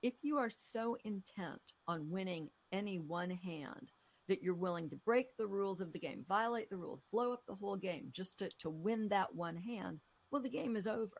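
A middle-aged woman, a former prosecutor, speaking as a guest in an interview in an earnest, measured, teacherly way. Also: medium pitch. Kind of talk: interview conversation.

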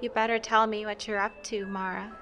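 A woman lends her voice to a sly, otherworldly fae man tending bar. He speaks low and quiet, with a knowing, teasing calm. The tone stays bright, and faint instrumental music plays under the reading. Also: brisk, natural voice. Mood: menacing.

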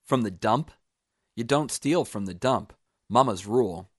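A man voicing a simple-minded young man ruled by his mother, talking in a loud, eager, childlike way. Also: on the low side, normal speed, dry recording, clean studio sound, close to an everyday voice. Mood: insistent.

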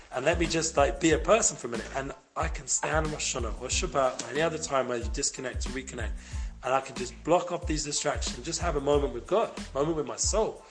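An animated man talking to a gathered group in an indoor space, his voice sitting at an ordinary middle pitch. He rambles, leans on "like", and punctuates points with loud sound effects. Faint music plays in the background. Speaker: guest speaker at a community gathering. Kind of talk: motivational talk to a live group.

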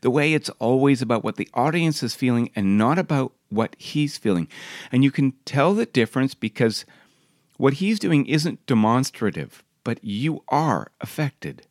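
A man's voice: mid-range voice, lively intonation, moderate pace, no room sound, studio quality. A man reading his own personal essay aloud in a wry, reflective, conversational way.

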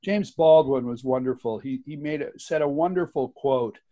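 A man's voice: medium pitch, moderate pace, dark tone, highs cut off. A man speaking as a guest author and activist in an interview, talking with passion and emphasis, laughing often and restarting his sentences. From United States. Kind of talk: conversational interview.

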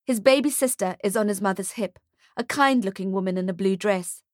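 Woman narrating a dark short story. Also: medium pitch, a little fast, dry recording, studio quality. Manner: steady storytelling. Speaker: audiobook narrator. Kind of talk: scripted narration.

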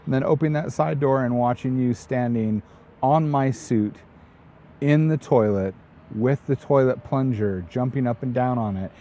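A man's voice: medium pitch, normal speed, dark tone, lo-fi sound, slight background noise. A man in his fifties hosting a podcast, chatting casually and telling a family story. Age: 50s. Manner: reactive, tells family anecdotes. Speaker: podcast host. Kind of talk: casual chat.

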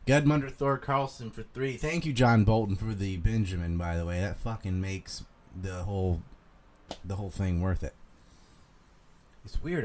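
A man with a low voice and a light Carolina Southern twang talks bluntly and profanely. He rants in a casual livestream style and shows little restraint. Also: darkish tone. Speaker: podcast host reading donations.

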